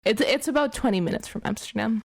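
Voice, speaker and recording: A woman's voice: a little high, creaky, slightly rough, dry recording. A woman from the Netherlands with a Dutch accent, a podcast guest patiently coaching pronunciation. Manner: patient, encouraging, repeats words slowly. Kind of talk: podcast interview.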